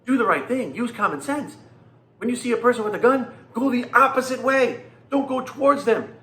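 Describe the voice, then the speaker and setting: A man's voice: very high-pitched, normal speed, bright, forceful tone, roomy sound. A man in his forties delivering a blunt, angry, profane ranting monologue as a vlogger and fitness coach. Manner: blunt, angry and profane, repeating himself for emphasis.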